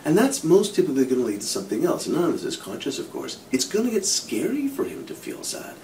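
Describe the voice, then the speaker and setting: A man's voice: fast, gravelly. A middle-aged man, a psychologist, explaining ideas through imagined examples. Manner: animated explaining with hypothetical examples, frequent "kind of". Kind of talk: explanatory talk to camera. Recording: from a distance, faint low rumble.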